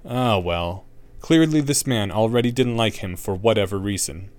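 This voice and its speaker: Low-voiced man narrating a story. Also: fairly quick, dry recording. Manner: expressive, wry reading. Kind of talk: audiobook narration.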